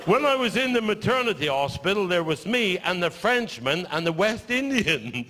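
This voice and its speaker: A man's voice: sits high, big pitch swings, moderate pace, bright, forceful tone. An older man with a Cornish accent, telling earthy, swear-filled comic stories on stage and putting on voices for the people in them. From Cornwall. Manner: broad earthy storytelling, swearing, acting out voices. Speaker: stand-up comedian. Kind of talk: stand-up storytelling to a live audience.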